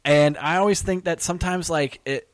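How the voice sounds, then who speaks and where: Man, casual podcast co-host, slightly higher voice, hesitant and trailing, dry sound. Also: moderate pace, no room sound. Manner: hesitant, trails off, laughs often. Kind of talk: casual chat.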